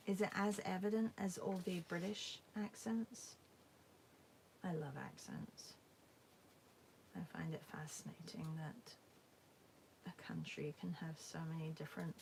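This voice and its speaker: A woman hosting a live drawing class, chatting softly and musing while she draws, often dropping into a half-whisper. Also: on the low side, gravelly, slight background noise, low-quality recording. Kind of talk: casual chat while drawing.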